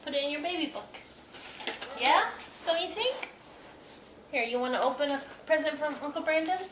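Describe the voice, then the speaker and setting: A young mother talks to her baby in a high, swooping sing-song, full of coaxing questions. She sounds a little way from the camera, in a roomy home with steady background noise. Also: moderate pace, distant mic. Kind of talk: home video baby talk.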